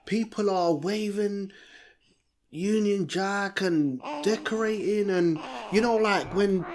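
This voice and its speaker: A man's voice: high voice, takes it slowly, darkish tone. A man, co-hosting a casual chat podcast and rambling with lots of "you know, like.". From England. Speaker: podcast co-host.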